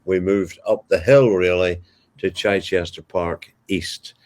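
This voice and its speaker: An older man with a broad Ballymena Northern Irish accent recalls his younger days in a relaxed interview. His voice sits very low and deep. He tells it as a fond storyteller, with homely asides. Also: slow pace, noisy background. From Ballymena, Northern Ireland. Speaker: guest, television broadcaster.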